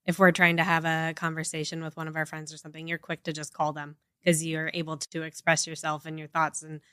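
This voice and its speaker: Low smooth-voiced woman co-hosting a podcast. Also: monotone, quick pace, bright, forceful tone, dry recording, clean studio sound. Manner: explains with examples, many fillers like "like" and "right?". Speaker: podcast co-host. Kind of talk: casual podcast chat.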